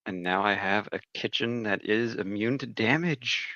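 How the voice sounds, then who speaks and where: A man playing a tabletop game casually reads out his rolls, hesitating with fillers. His voice is on the low side, bright and forceful, at normal speed. The recording is dry and comes through a dull lo-fi mic.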